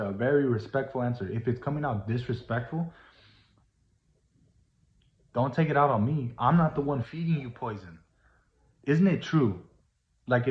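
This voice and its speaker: Man vlogger, preachy and earnest, mid-pitched, roomy dull lo-fi recording. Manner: preachy, earnest, repetitive, rising to emphatic. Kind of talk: casual monologue.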